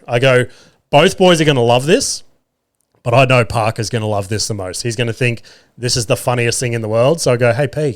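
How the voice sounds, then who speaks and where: Australian male podcast host, thirties, loose and animated storyteller, mid-pitched voice, swears freely. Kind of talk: casual storytelling.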